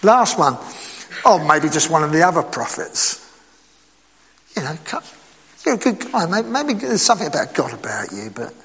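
Animated preacher in an echoing hall. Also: male voice, on the high side, normal speed, pauses often. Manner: animated, conversational, with rhetorical questions. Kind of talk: sermon.

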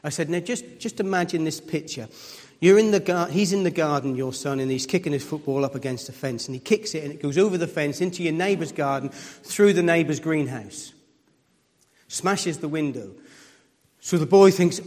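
A man's voice: a little high, brisk, darkish tone, in a large hall. A man preaching a sermon in a church, repeating words and building up to emphatic peaks, acting out the people in his stories.

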